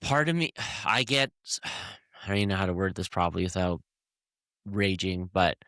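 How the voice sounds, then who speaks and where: A man co-hosting a casual podcast, talking heatedly in halting bursts with many restarts. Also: low voice, expressive, pushed and bright, dry recording, studio quality. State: hiccups. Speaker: podcast co-host.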